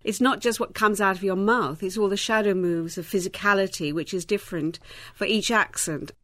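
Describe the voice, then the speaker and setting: A woman voice coach explaining her craft in an interview, measured and clear. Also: medium pitch, fairly bright tone, dry recording. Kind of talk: interview clip.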